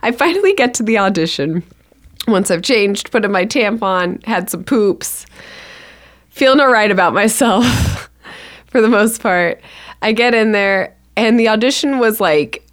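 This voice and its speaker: A woman telling a comic personal story in a casual, chatty way, full of "like" and quick laughs, with bursts of speed and big swings in pitch. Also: lively intonation. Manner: chatty, peppered with "like", laughs between lines.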